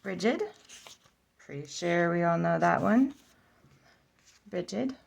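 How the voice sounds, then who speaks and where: Reviewing an oracle deck in a relaxed flip-through vlog, this woman speaks at an unhurried pace in a low, very gravelly voice with lively intonation. She pronounces each name aloud, fixes her own mistakes, and drops in musing, giggly asides.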